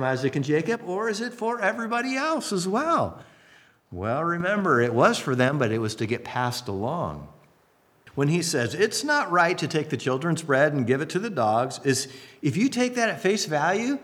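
A man preaching a sermon in an animated storytelling way, acting out the voices of people he quotes. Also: a little high.

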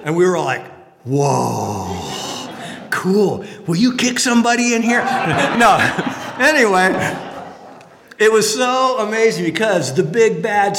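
A man's voice: high voice, creaky. A middle-aged man preaching a sermon, telling stories with jokey asides. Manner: animated storyteller, jokey asides. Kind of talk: sermon with storytelling. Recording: echoey hall.

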